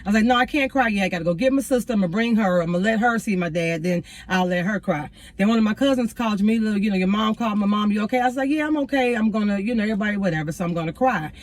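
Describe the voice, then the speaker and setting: A woman's voice: mid-range voice, rapid-fire, few pauses, a little mellow, dry recording. A woman, a teacher, sitting in her car and telling a personal story to viewers in a casual, earnest and reflective way, with spiritual turns. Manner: casual, addresses viewers as y'all. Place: inside a parked car.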